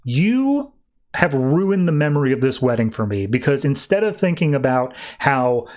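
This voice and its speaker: A man's voice: mid-range voice, sing-song, normal speed, a little mellow, close to an everyday voice. A fed-up young heroine, as a man reads her lines in a comics podcast recap. She is blunt and exasperated, with a medium voice and loose, casual delivery. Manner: casual paraphrase, near his own voice.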